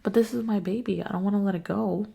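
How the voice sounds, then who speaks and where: A young woman hosts her own podcast while sick, her voice gravelly and husky with a dark, mellow tone. She talks in a weary, frank way and swears freely as she vents about her life. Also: medium pitch, steady tone, fast. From New York. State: sick, congested. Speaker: podcast host. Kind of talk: casual solo podcast venting.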